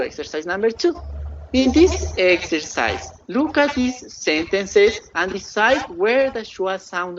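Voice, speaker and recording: A man leads a pronunciation lesson at a very unhurried pace. He says each word several times and keeps praising his listeners. The recording sounds dull and lo-fi. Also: high voice, fairly bright tone, slight background noise. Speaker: student presenting a pronunciation exercise.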